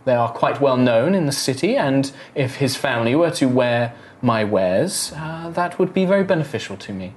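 A man voicing a formal, courteous elf tailor who bargains shrewdly and speaks in a polite, measured way. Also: mid-range voice, animated, natural voice.

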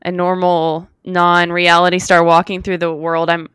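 Smooth-voiced woman podcast co-host. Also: on the low side, completely flat delivery, moderate pace, fairly bright tone, no echo, clean studio sound. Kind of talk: casual chat.

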